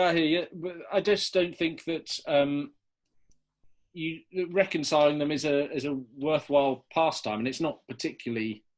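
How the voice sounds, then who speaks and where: A man answering history questions as a podcast guest, chatty and enthusiastic with loose restarts. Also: mid-range voice. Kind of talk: casual podcast Q&A.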